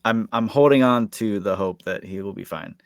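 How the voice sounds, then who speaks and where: Low-voiced man recapping casually. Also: normal speed, dry recording, clean studio sound. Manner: rambling, heavy use of filler words. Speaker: podcast co-host.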